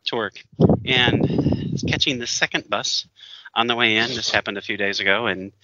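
A man co-hosting a casual chat, telling an anecdote with lively acted-out quotes and frequent laughter. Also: on the low side, moderate pace, dull audio, very noisy. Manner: animated, acts out quoted voices, laughs often. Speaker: podcast co-host.

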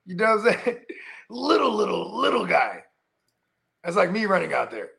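A man's voice: high-pitched, big pitch swings, normal speed, creaky, bright, forceful tone. A man co-hosting a casual fantasy football chat, rambling and profane, tagging lines with "you know what I mean". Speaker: co-host.

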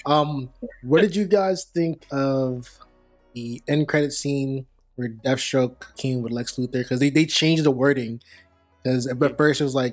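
A man's voice: measured pace, soft background music. A man chatting casually about a movie, retelling scenes and acting out quotes. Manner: storytelling, acts out quotes in a lowered voice. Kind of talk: casual chat.

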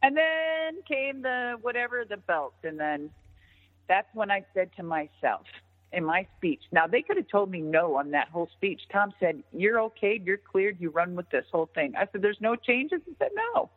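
A woman's voice: medium pitch, normal speed. A middle-aged woman, a former wrestler, telling stories in a casual interview, swearing freely and acting out what others said. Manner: animated, swears freely, acts out quoted dialogue. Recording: tinny phone-like line with long reverb.

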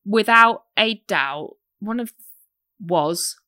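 A young woman co-hosting a casual podcast chat, animated and swearing freely. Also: medium pitch, takes it slowly, dry recording, studio quality. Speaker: podcast co-host.

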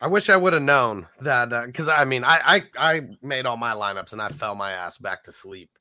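Male sports podcast host, talky and stat-driven, bright and dry close sound. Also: mid-range voice, normal speed, no echo. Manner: chatty, stat-heavy, filler-laden. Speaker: fantasy football podcast host. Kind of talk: casual sports chat.

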